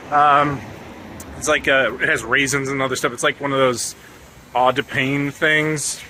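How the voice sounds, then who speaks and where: This American man speaks at a medium pitch with a sharp tone, with a slight hiss or hum audible. A travel vlogger, he casually records a walking vlog on town streets, chatting, joking and leaning on lots of fillers.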